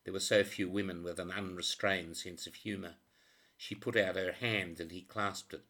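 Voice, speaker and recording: A man narrating a crime novel audiobook in a steady, even reading voice. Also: deep voice, normal speed.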